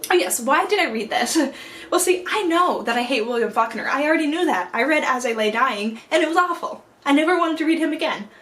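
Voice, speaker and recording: Chatty young woman, higher voice. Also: a little fast, a little hiss or hum. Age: young adult. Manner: rambling, animated, with big swings of pitch and playful asides. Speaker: book vlogger. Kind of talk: casual chatty book review.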